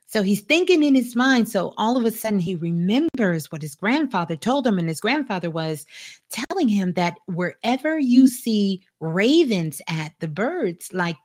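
Woman storyteller, conversational and animated, very expressive pitch. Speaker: radio host and storyteller. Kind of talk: casual storytelling.

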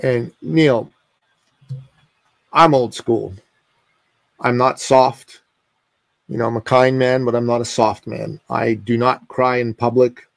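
A man's voice: mid-range voice, fairly even intonation, takes it slowly, vocal fry, long pauses, dry recording. A man in his forties, a podcast guest telling a story emphatically and passionately, often restarting his sentences. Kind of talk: animated storytelling.

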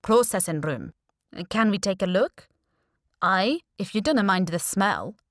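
A woman voicing a steady middle-aged skipper. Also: medium pitch, measured pace, no room sound, studio quality. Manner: plain, matter-of-fact answers.

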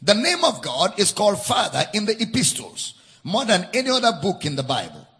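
Emphatic preaching man with a bright, husky voice. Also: sits high, wildly swooping pitch, a little fast. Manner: emphatic preaching, repeats key phrases, spells out words for note-takers. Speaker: pastor. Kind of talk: sermon. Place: church camp meeting.

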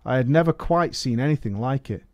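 A man's voice: medium pitch, a little fast, no echo, highs cut off. A man narrating a comedic story in a playful way, chuckling at his own telling.

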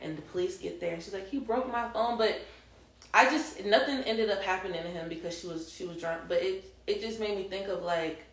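A woman co-hosting a casual podcast chat, telling a personal story in an animated way and acting out the people she quotes. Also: fairly low pitch, brisk, reverberant. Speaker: podcast co-host.

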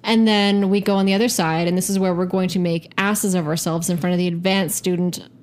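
A young adult woman telling a story in a casual podcast chat, animated, profane and self-mocking. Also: fairly low pitch, fairly quick. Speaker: guest storyteller.

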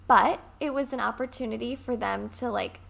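Bright, gravelly young woman hosting. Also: fairly high pitch, normal speed. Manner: chatty, laughs often, animated retelling. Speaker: podcast host. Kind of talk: casual chat.

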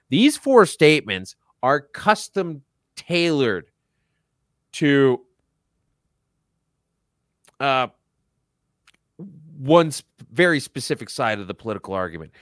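A man with a mid-pitched voice co-hosting a podcast, sarcastic and mocking, with a joking edge. The recording is dry and close, with no room sound. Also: fairly bright tone, no echo. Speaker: podcast co-host. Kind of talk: casual podcast chat.

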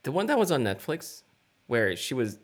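Easygoing man with a lively voice. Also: medium pitch, moderate pace. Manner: easygoing, stammers and restarts, laughs a lot. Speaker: podcast co-host. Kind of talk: casual chat. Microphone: video call.

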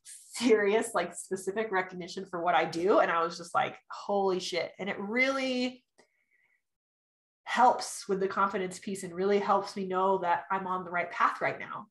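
A woman reading human design charts, talking as a podcast guest. She is animated and chatty, acts out little quotes and laughs often. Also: mid-range voice, normal speed. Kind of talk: casual podcast conversation. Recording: roomy echo.

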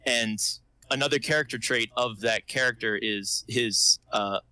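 A man's voice: mid-range voice, unhurried, bright, forceful tone, no echo, low-quality recording. A man chatting casually as a podcast host, telling a rambling story and laughing often. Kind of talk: casual chat.

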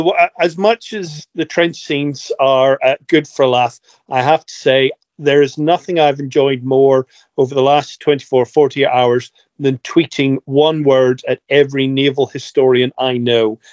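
A man's voice: medium pitch, steady tone, unhurried, a little mellow, dry recording, muffled recording. A man contributing to a podcast in casual chat, hesitant and full of fillers.

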